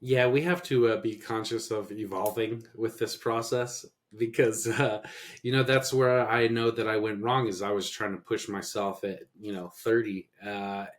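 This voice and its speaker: A man's voice: lowish voice, fairly even intonation, moderate pace. A man in his thirties, co-hosting a podcast, talking in an earnest, reflective way. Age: 30s. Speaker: podcast co-host. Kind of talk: casual podcast chat.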